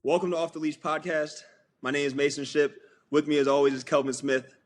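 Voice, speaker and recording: A man's voice: on the high side, flat delivery, a little fast, faint music behind. A young man hosting a podcast, talking in an easygoing, conversational way with frequent chuckles. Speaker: podcast host.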